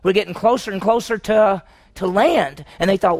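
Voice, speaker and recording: A man's voice: high-pitched, moderate pace. A man preaching a sermon on a Bible passage, asking his listeners questions and acting out what people said. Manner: asks the audience questions, acts out quotes.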